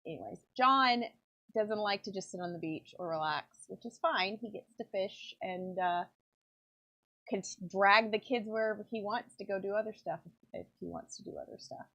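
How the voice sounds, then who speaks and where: A woman chats in a loose, rambling way, full of ums and likes, as she works in her pen workshop. Her voice has a gravelly edge, sits at a middle pitch, and comes through a dull, lo-fi recording. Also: normal speed, a bit bright. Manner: rambling, chatty, many fillers. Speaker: pen maker and channel host. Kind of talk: casual chat while working. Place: home workshop. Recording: dull lo-fi sound.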